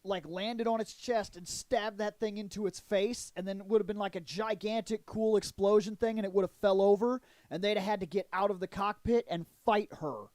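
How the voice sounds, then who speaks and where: A man with a high voice chats loosely on a podcast, swearing freely and rambling through his points. The sound is dry and close, with no room around it. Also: fairly even intonation, brisk, few pauses, darkish tone, no room sound. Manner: profane, rambling, laughs often. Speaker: podcast co-host. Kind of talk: casual chat.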